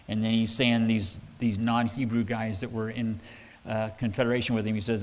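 A man's voice: on the low side, level tone, normal speed, big-room sound. A man preaching a verse-by-verse sermon in a conversational, folksy way, retelling scripture in everyday words. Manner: conversational, folksy, with restarts and paraphrased quotes. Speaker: pastor.

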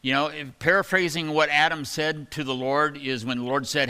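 A man preaching a sermon in a relaxed, conversational way, with plenty of fillers. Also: a little high, a little fast, few pauses, clean tone. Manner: conversational, folksy, many fillers. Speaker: pastor. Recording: long hall reverb.

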